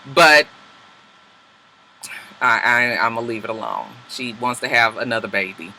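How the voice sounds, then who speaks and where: A woman, recapping a reality show episode in a profane, sassy, animated way. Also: rumbling low, normal speed, poor audio.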